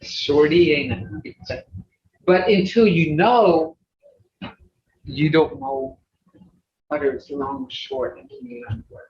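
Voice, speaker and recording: A language teacher running an online class, folksy and plain-spoken, slowly repeating native words to drill their sounds. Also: mid-range voice, very animated. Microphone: video call. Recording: distant, roomy, dull video-call audio with faint hiss.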